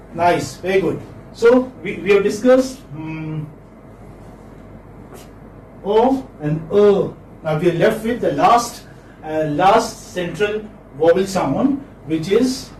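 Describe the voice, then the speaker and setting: A man's voice: sits high, darkish tone, slight background noise. A man teaching phonetics in a class, encouraging his students and repeating key terms. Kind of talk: classroom lecture. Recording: echoey room, far from mic.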